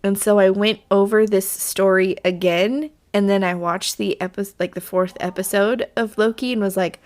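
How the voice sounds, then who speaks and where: A woman's voice: mid-range voice, steady tone, normal speed. Woman with a scratchy allergy voice. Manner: rambling, chatty, with many fillers. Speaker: podcast host. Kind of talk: casual solo podcast chat.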